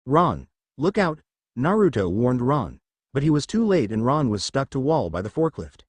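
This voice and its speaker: A man reading a fan fiction story aloud and voicing its characters in his own voice, with a halting delivery. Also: mid-range voice, sing-song, a little mellow, slightly rough, dry recording. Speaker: narrator.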